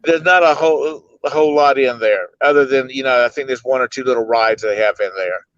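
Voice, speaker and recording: A man's voice: medium pitch, fairly bright tone, clean tone, no room sound. Easygoing man on a dull video call. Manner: easygoing storyteller, rambles with "uh" pauses. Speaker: co-host of a daily live show. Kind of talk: casual chat.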